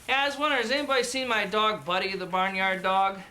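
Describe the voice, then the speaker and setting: A man speaking as a farmer who presents to children, cheerful and animated, explaining farm animals outdoors. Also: sits high, fast, very noisy. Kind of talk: scripted children's educational presenting.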